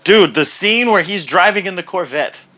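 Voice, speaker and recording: Animated man, lively bright voice. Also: high voice, normal speed. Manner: animated, laughing, swearing, acts out movie yells. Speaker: podcast co-host. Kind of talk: casual chat.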